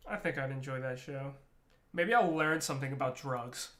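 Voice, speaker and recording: A man's voice: medium pitch, normal speed, sharp tone. A man joking around in a casual podcast chat over an online call. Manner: wisecracking, laughs often. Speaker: podcast co-host.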